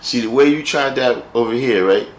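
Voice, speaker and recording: A man's voice: medium pitch, moderate pace, reverberant, poor audio. A man hosting a live stream, chatting casually with viewers in a wry, joking way and often repeating himself.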